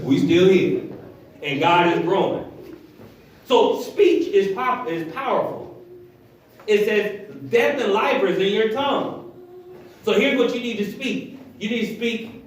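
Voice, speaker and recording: A pastor delivers an animated sermon in a high voice, acting out voices as he preaches. He stands far from the mic, and the hall around him rings with heavy echo. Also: a little slow, long pauses, slight background noise. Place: church hall. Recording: echoey hall, heard from far.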